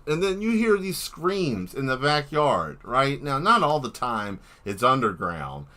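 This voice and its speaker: Lively, sharp-voiced man rambling on stream. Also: a little high. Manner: rambling and playful, with bursts of excitement. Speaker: artist hosting a live stream. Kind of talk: casual live-stream chat while showing artwork.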